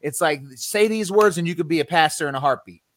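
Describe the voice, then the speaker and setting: Fairly quick and a bit bright, the slightly high voice of a male co-host carries scripture teaching on a casual faith podcast. Emphatic and a touch preachy, he drops slang as he goes, and the sound is dry and close with no echo or room.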